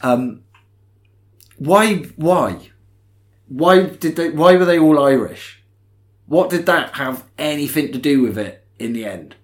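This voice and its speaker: A man's voice: a little high, animated, slow, long pauses. A man co-hosting a podcast, chatting casually as he recaps a film scene by scene. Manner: chatty, retells scenes in quoted voices. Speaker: podcast co-host. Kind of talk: casual film-review chat.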